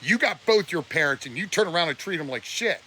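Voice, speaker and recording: A man lecturing his viewers on a live stream, blunt and preachy, sounding close to tears. His voice sits a little high and swoops up and down. Faint noise hums under the phone mic. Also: lively intonation, a little fast, sharp tone. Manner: preachy and blunt, voice breaking with emotion. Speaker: livestreamer. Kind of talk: emotional live-stream rant.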